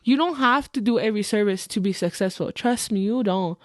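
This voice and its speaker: A young woman hosting a podcast, chatting casually about her work as a hairstylist, animated and mixing in Spanish phrases. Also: mid-range voice, a little fast, no room sound, clean studio sound. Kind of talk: casual chat.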